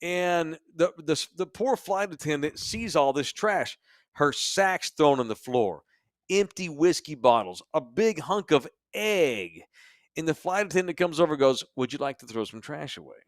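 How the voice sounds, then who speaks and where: Podcast co-host, man, animated and profane, slightly higher voice, dry studio sound. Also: unhurried, no room sound. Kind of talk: crude comedic storytelling. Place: sports bar studio.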